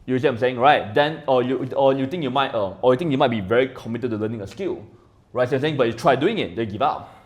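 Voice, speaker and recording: Here the guest on a podcast has a mid-range voice and talks fast in loose, rambling chat. Frequent swearing, repeated "right?" questions, and swings from loud to quiet mark his speech.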